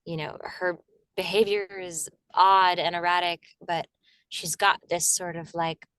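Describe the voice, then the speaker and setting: A woman's voice: on the low side, flat delivery, measured pace, a bit bright, clean tone, no echo. Chatty young woman, dry close sound. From Virginia, USA. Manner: chatty, laughs often, acts out quoted voices. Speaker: actor, guest. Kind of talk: casual interview chat.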